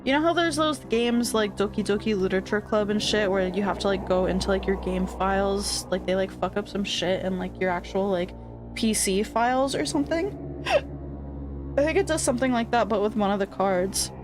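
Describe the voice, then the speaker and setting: A woman's voice: mid-range voice, normal speed. A woman streaming a game, chatting loosely with lots of fillers and reading the game's text aloud. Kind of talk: casual gaming stream chat. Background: game music.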